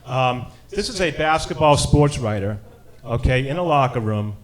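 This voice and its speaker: A man's voice: medium pitch, lively intonation, moderate pace. A middle-aged man doing a stand-up set, punchy and wisecracking, with lots of "you know". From Boston area. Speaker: stand-up comedian. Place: comedy club stage with a live audience. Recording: live club recording, loud crowd. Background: audience laughter.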